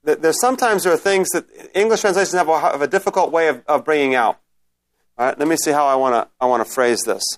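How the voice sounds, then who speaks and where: A man's voice: fairly high pitch, fast talker. A man teaching a Bible study class in a conversational way, often checking in with his listeners and restarting his sentences.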